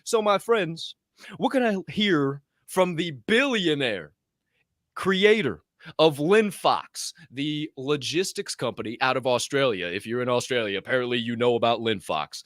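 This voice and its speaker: A man's voice: mid-range voice, a bit bright, dry recording, studio quality. A man co-hosting a live motivational show, playful and folksy, often laughing. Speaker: podcast co-host. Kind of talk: casual live-stream hosting.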